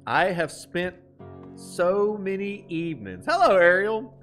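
Brief: chatty Appalachian-accented streamer, man, higher voice with a very animated swing, faint music under him. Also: slow pace. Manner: chatty, reads chat aloud, laughs easily. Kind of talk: casual live-stream gameplay chat.

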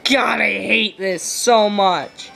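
A woman playing a platform game and yelling frustrated complaints and curses at it. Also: medium pitch, steady tone, slow, creaky, soft background music. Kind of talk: rage gameplay commentary.

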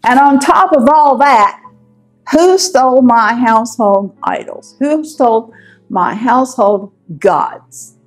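A woman's voice: a little high, animated, takes it slowly, faint music behind, poor audio. A woman voicing Laban, an angry old father-in-law who bursts out in accusations. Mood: indignant. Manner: blustering, accusing.

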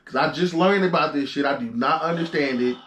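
A young man hosting a casual podcast, his voice a little higher than most men's. He tells stories animatedly, stumbles into stammered restarts and swears freely. He sounds like he's in an echoey room. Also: brisk. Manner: animated storytelling, frequent profanity and stammered restarts. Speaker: podcast host. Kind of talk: casual chat.

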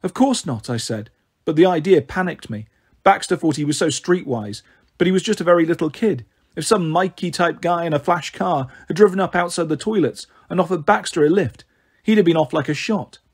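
A man narrates a children's novel in a steady first-person telling. His voice sits high for a man and has a husky, slightly rough texture. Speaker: storybook reader. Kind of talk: storybook narration.

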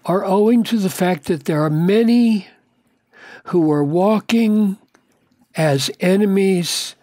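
Older male pastor, measured earnest Bible teaching, unhurried, dry studio sound. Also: sits high, mellow, no echo. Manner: earnest, deliberate, stretches key words for emphasis.

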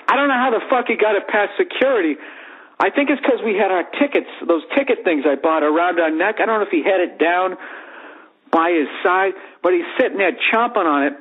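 A man in his forties hosting a podcast, telling a rambling, profane comic story in an animated way. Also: high voice. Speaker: podcast host. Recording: narrow phone-like sound.

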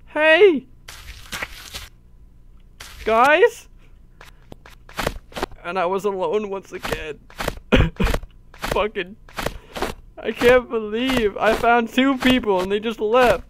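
A man giving casual let's-play commentary, excitable, cursing often and yelping in surprise. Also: sits high, slow pace, long pauses, noisy background. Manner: excitable, swears often, yelps and shouts in surprise. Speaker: gaming video host.

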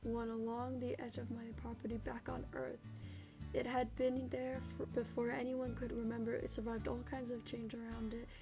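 A woman reading out game dialogue as a wistful rancher recalling her old home, softly and reflectively. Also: on the high side, little pitch movement, moderate pace, creaky, over music.

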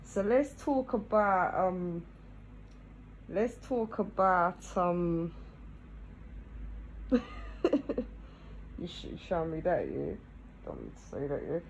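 Thirties woman vlogger, lowish voice, unhurried, checks in with "yeah?" constantly. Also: expressive, gravelly, dull audio, slight background noise. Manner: tags almost every phrase with "yeah?", laughing asides. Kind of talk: casual chat to camera.

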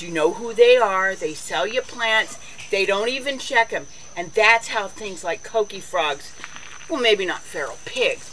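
A woman's voice: medium pitch, pushed and bright, a little hiss or hum, poor audio. A woman hosting a casual cooking and garden show outdoors, chatty and folksy, chatting to her animals as she goes. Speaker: host of a lifestyle show.

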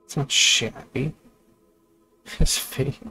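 A man's voice: extremely slow, bright, forceful tone, faint music behind, poor audio. A man hosting a gaming channel, reading a text adventure aloud and breaking off for casual asides about the game. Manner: reads game text, then chats in asides.

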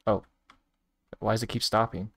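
A man streaming a virtual world game, reacting out loud in casual commentary with laughs and exclamations. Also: flat delivery, normal speed, music in the background. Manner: laughing, exclaiming, sudden high squeals. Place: at home at a desk.

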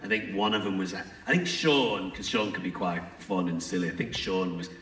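Panel guest, male, low voice, chatty storyteller, distant mic in a hall. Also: normal speed, fairly bright tone, slight background noise. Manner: chatty, storytelling, laughs often. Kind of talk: casual panel chat. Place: large convention hall.

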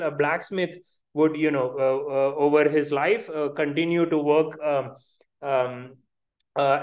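Hesitant Indian-accented lecturer on a call. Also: male voice, fairly high pitch. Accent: Indian English. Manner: hesitant, many fillers and restarts. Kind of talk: online science lecture. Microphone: video call.

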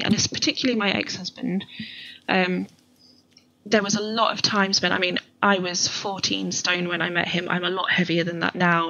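A woman's voice: on the low side, vocal fry, sharp tone, highs cut off, a little hiss or hum. A woman in her thirties, a podcast guest talking at length in a chatty, rambling, self-deprecating way. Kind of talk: casual conversation.

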